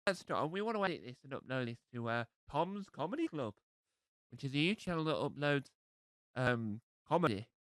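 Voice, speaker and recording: Guy with a cold rambling through a standup set, lively up-and-down voice, dry close sound. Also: mid-range voice, brisk, dry recording, poor audio. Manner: rambling, self-deprecating, repeats words. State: has a cold. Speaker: stand-up comedian. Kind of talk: live-streamed stand-up set.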